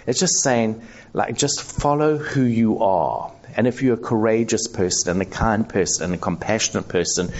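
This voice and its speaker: A low-voiced man leads a live ethics class for an audience, chatting conversationally, calling for a show of hands and performing the voices of those he quotes. The sound is dull, lo-fi and darkish in tone.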